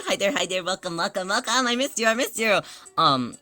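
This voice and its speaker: A woman streamer in casual stream chat, an excitable storyteller who stumbles, restarts, swears and laughs often. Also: medium pitch, moderate pace, dry recording.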